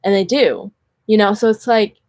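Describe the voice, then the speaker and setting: A woman's voice: mid-range voice, normal speed, a little mellow, dry recording. A woman vlogger telling personal stories in a casual, earnest way, with lots of "like" fillers. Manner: chatty, heavy use of "like" fillers; earnest and candid. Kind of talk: casual storytelling vlog.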